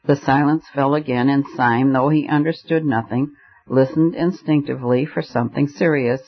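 A man narrating a classic novel with measured, expressive storytelling. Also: medium pitch. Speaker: audiobook narrator. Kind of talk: scripted narration. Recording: slightly muffled lo-fi audio.

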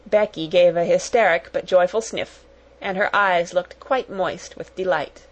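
A woman narrating a children's novel for an audiobook in a gentle, measured storytelling manner. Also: on the low side, fairly even intonation, rough recording.

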